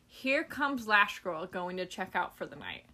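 A woman podcast host casually tells a story in a mid-range, unhurried voice. She's animated, acting out the people she quotes and swearing offhandedly.

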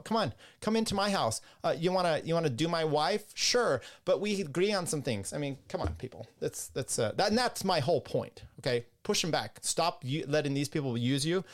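Male podcast host, mid pitch, rambling and exasperated, reads articles aloud with asides. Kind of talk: casual political commentary.

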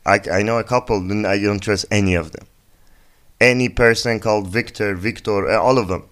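Low-voiced young man rambling casually. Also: fairly quick, a bit bright. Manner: rambling, profane, jokey storytelling. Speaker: podcast host. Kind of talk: casual solo podcast monologue.

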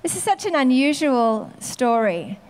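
High-voiced woman preaching informally. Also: big pitch swings, measured pace, a little mellow. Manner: conversational, with many fillers. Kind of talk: sermon.

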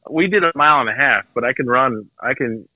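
A man's voice: mid-range voice, expressive, fairly quick, no room sound, narrow, tinny audio. A man on a crude podcast, needling and mocking a friend. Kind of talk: crude casual banter.

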